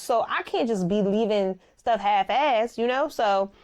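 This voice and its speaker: Brief: young adult woman, podcast host, lively casual storyteller, big pitch swings on quotes. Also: a little slow, few pauses. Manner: animated, expressive, swoops high when quoting others; calls listeners child and baby. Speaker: podcast host and dog groomer.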